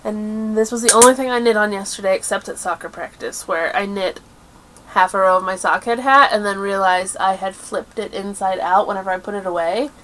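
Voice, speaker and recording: A woman hosting a crafting video podcast in casual chat, chatty and quick with asides, laughing often. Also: medium pitch, steady tone, a bit bright, a little hiss or hum. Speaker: podcast host.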